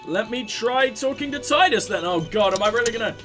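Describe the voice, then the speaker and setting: A man narrating his own playthrough of a detective game, excitable and liberal with swear words. His voice runs high for a man and leaps around animatedly, over faint game music. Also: brisk. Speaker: let's play host. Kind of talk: gameplay commentary.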